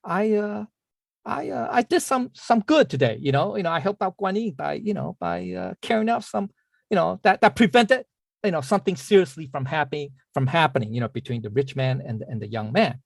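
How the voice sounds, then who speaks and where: Man playing a self-satisfied old monk, soft and halting, dry sound. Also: medium pitch, slightly rough, no room sound. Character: old male monk, pleased with himself.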